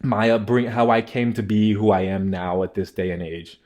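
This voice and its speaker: A man's voice: fairly low pitch, level tone, moderate pace, darkish tone. A young man telling a rambling casual story, packed with filler words.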